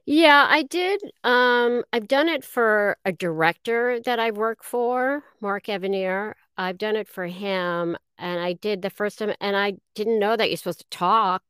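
Middle-aged woman, interview guest; halting, modest delivery, very dry close sound. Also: mid-range voice, a bit bright, clear, resonant tone, no room sound. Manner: halting and self-deprecating, many fillers. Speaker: guest voice actress. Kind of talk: casual interview chat.

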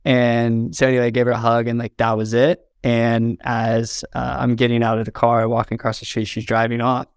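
Young guy from indiana telling a story, gravelly but smooth, dry close sound. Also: mid-range voice, completely flat delivery, fairly quick, few pauses, dry recording. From southern Indiana, US. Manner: earnest, fills with "like" and "um", gets choked up. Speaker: interview guest, videographer. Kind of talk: heartfelt storytelling in a podcast interview.

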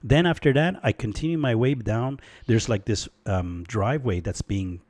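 A man telling a story in casual podcast chat, animated and laid-back, often saying "man" and "like". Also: mid-range voice, moderate pace, no echo.

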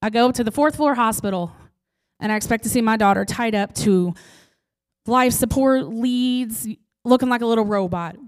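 A woman shares an emotional faith testimony at a middle pitch. She tells it earnestly and with heartfelt intensity, leaning on dramatic pauses. Her voice sometimes sinks almost to a whisper. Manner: earnest storytelling that drops to near-whispers. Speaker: speaker giving a personal testimony.

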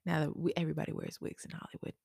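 A woman's voice: huge pitch swings, racing, creaky, a little mellow, no echo, whispered, studio quality. A young woman co-hosting a casual chat, a little stuffy and sniffly, who laughs often. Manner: laughs often, acts out her daughter in a high voice. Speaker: podcast co-host.

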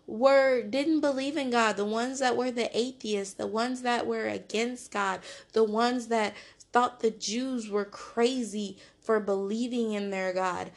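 A woman's voice: fairly high pitch, fairly even intonation, a little slow, gravelly. A woman reading Bible verses aloud and then explaining them in a loose, conversational way. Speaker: Bible teacher. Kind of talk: casual Bible study talk.

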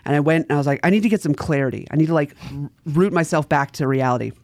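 A man's voice: on the high side, very fast, dry recording. A young man, a podcast guest, telling a story casually, acting out quotes and laughing often. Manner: animated, acts out quoted voices, laughs often.

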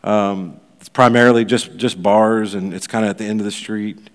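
A pastor giving a sermon, telling a story in a loose, conversational way full of fillers. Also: male voice, on the low side, steady tone, moderate pace, in a large hall.

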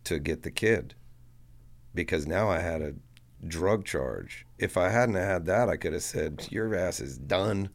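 A man with a very deep voice that drops into a gravelly fry, speaking as a podcast guest. He spins a rambling anecdote in loose, casual talk laced with swearing. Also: expressive, measured pace. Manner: profane, rambling anecdote-telling. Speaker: guest musician. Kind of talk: casual storytelling interview.

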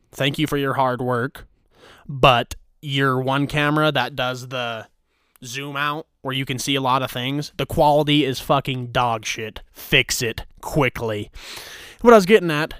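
Man, podcast host, profane mock-angry rant, teasing, smooth resonant voice, dry close sound. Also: mid-range voice, a bit bright, dry recording. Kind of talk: crude comedic rant.

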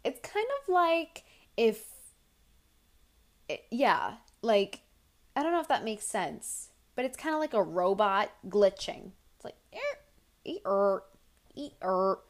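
Slow, rambling young woman podcaster. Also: medium pitch. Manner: rambling, animated storytelling with filler words. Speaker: podcast host. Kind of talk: casual solo podcast chat.

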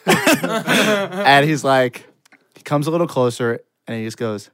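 A man's voice: mid-range voice, big pitch swings, moderate pace, a bit bright, no room sound, studio quality. A man telling a long, self-deprecating funny story in casual chat. He rambles and laughs often.

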